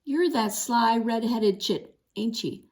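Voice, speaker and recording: A woman voicing a snarling, cruel older man who owns a horse, in a slow, menacing growl, with a slightly gravelly voice. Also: fairly high pitch, a little mellow. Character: snarling cruel old male horse owner.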